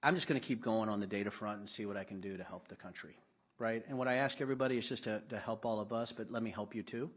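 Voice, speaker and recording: A man's voice: fairly low pitch, fast. A middle-aged man giving a conversational, self-deprecating speech to a live audience at a political summit, with blunt asides.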